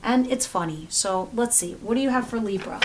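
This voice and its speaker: Chatty tarot reader woman, fairly high voice. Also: fairly quick, noisy background. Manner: chatty, swears freely, laughs at the cards. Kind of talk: casual tarot reading.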